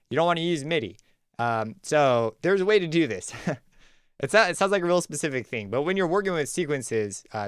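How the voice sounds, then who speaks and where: A man hosting a music production tutorial, talking casually and thinking aloud as he walks through a software workflow. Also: mid-range voice, no echo. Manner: relaxed, conversational, thinks aloud while clicking. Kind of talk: screen-recorded software tutorial.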